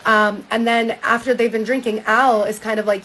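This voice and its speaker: A woman's voice: on the high side, flat delivery, moderate pace, fairly bright tone, a little hiss or hum, low-quality recording. A woman giving a breezy, gossipy, casual recap of a book, now and then acting out quotes.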